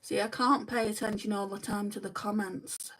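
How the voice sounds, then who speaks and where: A young woman speaks at normal speed with fairly even intonation and medium pitch, chatting casually while doing her makeup on a home livestream and taking viewer comments one by one. Background noise is audible, and she's a bit distant from the mic.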